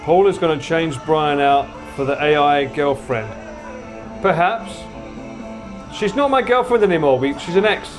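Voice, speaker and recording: A man's voice: fairly high pitch, animated, unhurried. Joking man chatting in a bar. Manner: teasing, joking banter. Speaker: host. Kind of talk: casual chat over drinks. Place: bar or pub. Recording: music playing in background.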